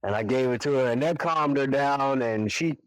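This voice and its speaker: A man in his forties, a guest on a podcast, telling a personal story in a casual, animated way and acting out his own reactions. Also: mid-range voice, moderate pace, no echo, poor audio. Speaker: podcast guest, barber and single father.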